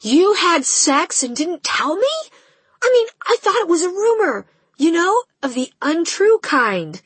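A bubbly, blunt teenage best friend with a sassy bite, as a woman puts her on for an audiobook. Her voice jumps well above the reader's own and comes out louder and brighter, still with a husky edge, close and dry. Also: on the high side, sing-song, a little slow, no echo, full character voice.

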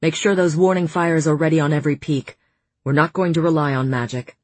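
Female narrator doing a commanding male fae lord, husky, curt orders, storybook reading. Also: deep voice, steady tone, fairly quick. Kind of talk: audiobook narration.

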